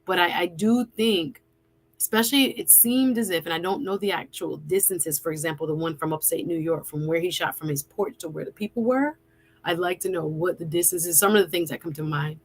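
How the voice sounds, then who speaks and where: Low-voiced woman hosting a live stream. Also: brisk. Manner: conversational, reads viewer comments aloud. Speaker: host and attorney. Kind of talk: casual live-stream talk.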